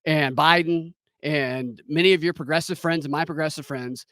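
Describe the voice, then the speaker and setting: A man's voice: fairly high pitch, steady tone, moderate pace, fairly bright tone, no echo. A man hosting his own podcast, telling a comic story in a sarcastic, mocking manner from his home studio. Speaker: podcast host. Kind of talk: comedic storytelling monologue.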